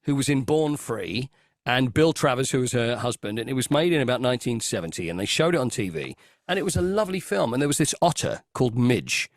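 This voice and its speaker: A man's voice: mid-range voice, quick pace, dry recording, studio quality. An English man chatting as a guest over a video call, telling stories animatedly and acting out scenes. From Britain. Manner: animated storyteller, acts out scenes. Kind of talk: casual chat.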